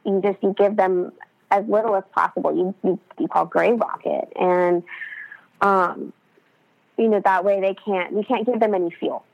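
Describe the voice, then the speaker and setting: A woman's voice: mid-range voice, steady tone, normal speed, gravelly. Chatty woman guest on a dull lo-fi line. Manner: chatty, full of "like" and "um", laughs often. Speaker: podcast guest. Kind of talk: casual interview chat.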